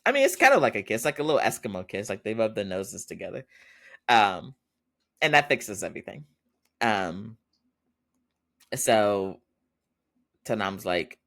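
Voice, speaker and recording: Podcast guy doing a chill recap, lowish voice, lots of ums and laughs. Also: big pitch swings, a little slow, pauses often, a bit bright. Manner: chatty, laughs often, many fillers. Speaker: podcast host. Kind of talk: casual episode recap.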